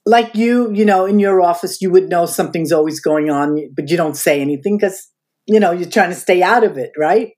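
A woman's voice: on the low side, fairly quick. An older woman, a podcast guest, recounting past events in an interview and acting out the voices of people she quotes. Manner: animated, acts out quoted voices. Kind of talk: interview storytelling.

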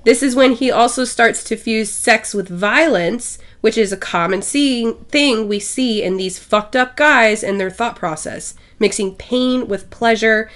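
A woman co-hosting a podcast, reading prepared narration in a steady way. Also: fairly high pitch, measured pace, few pauses. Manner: steady, reads from notes. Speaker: podcast co-host.

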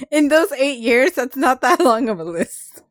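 A woman's voice: high voice, sing-song, slow, no echo, studio quality. A woman co-hosting a casual podcast, sounding amused and laughing along. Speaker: podcast co-host. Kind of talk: casual chat.

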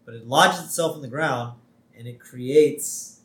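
A man co-hosting a podcast in casual chat, retelling an episode in a relaxed way, laughing often and checking in with "right?". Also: mid-range voice, measured pace. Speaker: podcast co-host. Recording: echoey room.

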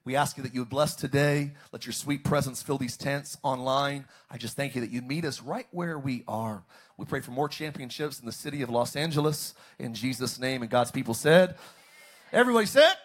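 A man preaching a sermon as pastor, calling out to the congregation and rising to shouts. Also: medium pitch, steady tone, brisk, breathy edge. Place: church service, streamed online.

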